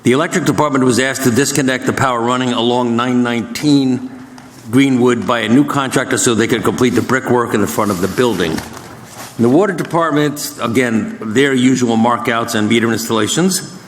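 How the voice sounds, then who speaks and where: A man's voice: mid-range voice, moderate pace, slight background noise. Matter-of-fact man reading a report. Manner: matter-of-fact, listing items. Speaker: council member. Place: borough council chamber. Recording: roomy echoey council chamber.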